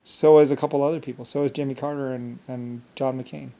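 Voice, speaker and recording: A man's voice: medium pitch, level tone, brisk, vocal fry, dark tone. A man talking alone in a meandering monologue, full of restarts and filler words. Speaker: solo vlogger. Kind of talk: rambling monologue.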